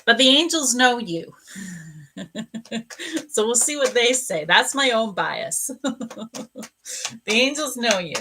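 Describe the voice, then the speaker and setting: A woman's voice: fairly high pitch, lively intonation, takes it slowly, pauses often, slight background noise. A woman psychic medium giving a live-stream card reading, gushing and emotional as she talks to a viewer. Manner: gushing, emotional, warm-hearted talk.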